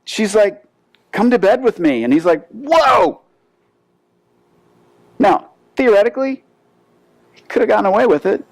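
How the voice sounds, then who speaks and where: A male pastor preaches with a storyteller's ease, often stumbling and repeating a word before pressing on. His voice sits somewhat high for a man. The sound is dry and close, with little room around it. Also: fairly quick, no echo, poor audio. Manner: storytelling with animated asides and repeated word restarts. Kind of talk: sermon.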